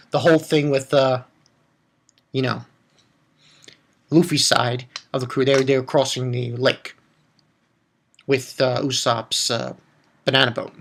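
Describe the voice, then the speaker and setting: A man reviewing an anime episode in a rambling, excitable way, stumbling over names and jumping up into high squeals.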